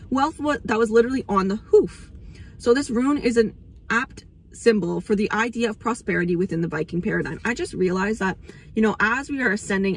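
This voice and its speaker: A young woman who hosts an astrology channel rambles through a casual spiritual monologue. Her mid-range voice has a breathy edge, she swears freely, and at times she gets emotional.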